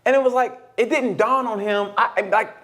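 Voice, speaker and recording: A middle-aged man co-hosting a podcast, telling stories in casual conversation and acting out the voices of the people in them. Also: a little fast. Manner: animated storytelling, swings between high and low, acts out quotes. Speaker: podcast co-host.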